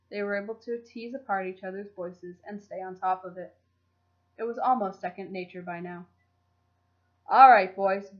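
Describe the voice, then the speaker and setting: A woman reads a story aloud with steady, expressive narration at a middling pitch. The recording is dull and lo-fi, with the top end muffled. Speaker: fan fiction reader. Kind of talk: audiobook-style story narration.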